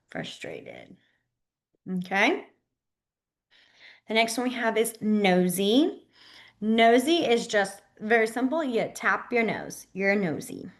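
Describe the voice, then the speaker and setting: Woman, teacher, relaxed classroom talk, chatty with many fillers, repeats words slowly. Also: fairly high pitch. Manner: frequent fillers like "like" and "um". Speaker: sign language teacher. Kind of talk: casual classroom instruction. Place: library classroom.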